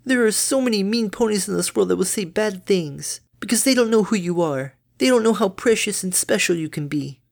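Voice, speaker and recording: A woman's voice: medium pitch, lively intonation, fairly quick, vocal fry, few pauses, voice pushed up. A woman voicing a clumsy, doting mother pony who stammers over her words in a fan fiction reading. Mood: tender. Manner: stammers on words, bubbly and tender.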